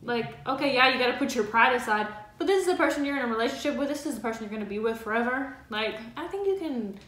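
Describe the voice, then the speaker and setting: A woman co-hosting a casual advice chat with her partner, talking freely with lots of "like" and quick laughs. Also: on the high side, expressive, fairly bright tone, roomy sound. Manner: chatty, laughs easily, filler 'like'. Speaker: co-host of a couple's channel.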